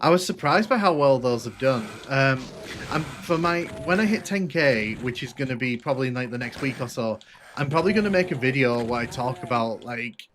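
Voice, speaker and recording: A man's voice: mid-range voice, animated, fairly quick, fairly bright tone. Man, live game streamer, casual rambling chat, hesitant with fillers, faint background hum. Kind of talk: casual live gameplay commentary.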